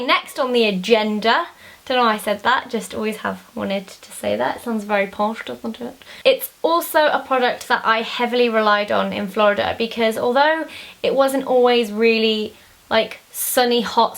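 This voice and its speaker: A woman's voice: on the high side, a bit bright. A young woman, chatting casually and rambling a little as she talks through her favourite things. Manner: chatty, bubbly, rambling with many fillers. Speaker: beauty vlogger. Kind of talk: casual chat.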